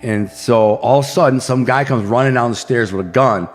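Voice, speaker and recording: A man's voice: medium pitch, a little fast, soft background music. American man telling wild stories, echoey. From Detroit area, USA. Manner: animated, acts out gunshots and quotes. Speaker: podcast guest. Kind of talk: casual crime storytelling.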